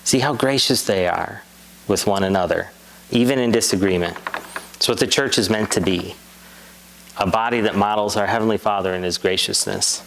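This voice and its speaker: A man delivering a sermon as a priest, earnest and measured, repeating key lines for emphasis. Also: lowish voice, fairly bright tone, a little hiss or hum, rough recording. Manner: earnest, measured preaching with rhetorical repetition.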